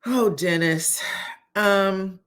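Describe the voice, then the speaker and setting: A woman's voice: mid-range voice, drawn-out words, a bit bright. A woman recapping a reality TV episode in a chatty, opinionated way, talking straight to her viewers. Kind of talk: casual recap vlog.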